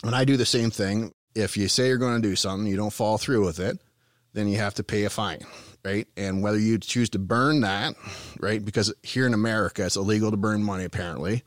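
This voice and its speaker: Canadian guy rambling thru farm stories, low voice, dry close sound, folksy and jokey. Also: fairly quick, dry recording. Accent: Eastern Canadian. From Ontario, Canada. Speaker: farm business consultant, podcast guest. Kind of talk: casual storytelling.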